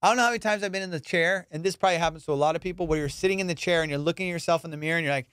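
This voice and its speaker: A young adult man hosting a comedy podcast, swearing freely as he rattles off a story. His voice sits fairly high and sounds smooth and resonant. The recording is close and dry, with no room sound. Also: very fast, no echo. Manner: profane, animated, acts out quotes.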